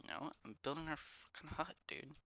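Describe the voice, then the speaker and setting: A young man streaming a survival game with a friend, excitable and swearing, shouting to his teammate. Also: fairly high pitch, moderate pace. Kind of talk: casual gaming banter. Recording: dull lo-fi stream mic with faint noise.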